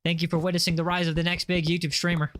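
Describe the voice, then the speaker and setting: Bright-voiced rambling young streamer man. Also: on the high side, completely flat delivery, racing, dry recording. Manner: rambling, filler-heavy, playfully boastful. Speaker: gaming livestreamer. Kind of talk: casual livestream chat. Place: home setup, lives in Los Angeles.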